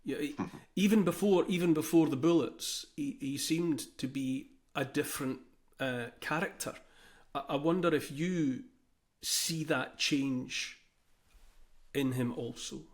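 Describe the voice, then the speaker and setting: A man's voice: fairly high pitch, measured pace. A man from Britain hosting a political interview, asking reflective, searching questions. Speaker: host.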